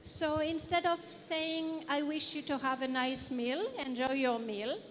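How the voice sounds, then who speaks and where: A high-voiced woman with a French accent gives a playful lecture, quizzing the audience as she goes. She speaks slowly, taking her time. Her voice carries a long reverb from a large hall. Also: a bit bright, a little hiss or hum. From France. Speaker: guest lecturer. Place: conference hall.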